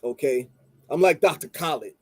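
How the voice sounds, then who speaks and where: A man tells a story in a calm, rambling monologue, leaning on "you know" and trailing off into "blah, blah". His voice sits a little high but sounds mellow and warm. The recording is dry and close. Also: breathy edge, no room sound. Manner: calm and measured, stresses listening before responding. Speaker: channel host and street vendor.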